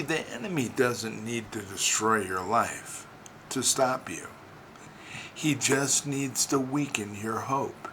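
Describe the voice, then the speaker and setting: Slow, rhythmic male preacher, faint ambience. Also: medium pitch, a bit bright, slight background noise, rough recording. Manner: rhythmic, building repetition with emphatic rises. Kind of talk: inspirational sermon.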